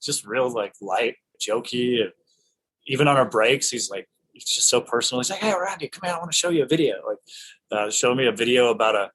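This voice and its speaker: A middle-aged man from Idaho, an actor telling stories in an interview, enthusiastic and animated with frequent restarts. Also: mid-range voice, poor audio. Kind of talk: casual storytelling in an interview.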